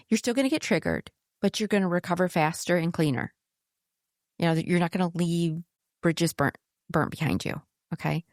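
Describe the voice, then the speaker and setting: This solo podcast host is a middle-aged woman whose voice sits fairly low, captured at studio quality without any echo. Her talk on spiritual growth is frank and chatty, sprinkled with a swear now and then.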